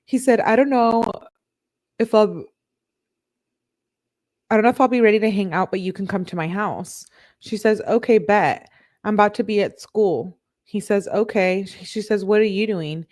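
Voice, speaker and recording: A woman who hosts a true crime channel, reading text messages aloud on a live stream. She reads the quoted messages in a flat way and breaks off to talk with her chat. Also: mid-range voice, normal speed.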